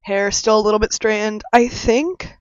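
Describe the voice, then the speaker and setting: A woman's voice: medium pitch, normal speed, dry recording, lo-fi sound. A woman in her twenties from Chicago, rambling emphatically in a casual vlog monologue, often repeating herself. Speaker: vlogger. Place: aquarium visit, handheld vlog.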